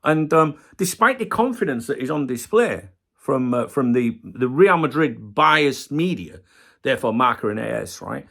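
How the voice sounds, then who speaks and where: A man's voice: medium pitch, lively intonation, moderate pace, gravelly, a bit bright. A middle-aged man hosting a football channel, ranting passionately and swearing heavily in a casual video.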